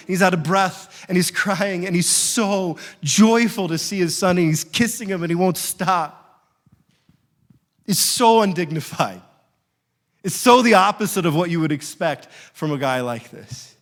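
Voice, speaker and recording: Guy preaching a sermon, kinda high voice, big echoey church sound, tells stories n acts out the quotes. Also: unhurried, pauses often. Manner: storytelling, animated, acts out quotes. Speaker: pastor.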